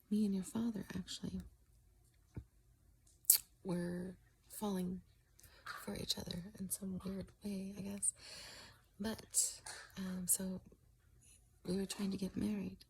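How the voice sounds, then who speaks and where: A woman telling a long story casually, often dropping into a soft whisper and pausing with halting fillers. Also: medium pitch, creaky, a little hiss or hum.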